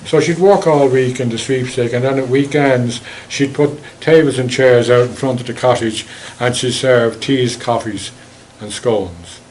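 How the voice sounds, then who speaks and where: A man's voice: medium pitch, steady tone, a little slow, few pauses, darkish tone, a little hiss or hum, rough recording. A man with an Irish accent giving a local history talk with slides, telling stories in a chatty, wry way. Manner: anecdotal, chatty, wry asides.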